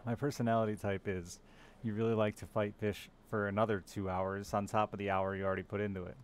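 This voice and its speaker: A young man with a lowish voice chats over a live game stream. He is sardonic and teasing, swears freely, and riffs with his chat, with a faint hum of noise behind him. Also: little pitch movement, fast. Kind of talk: casual gaming stream chat.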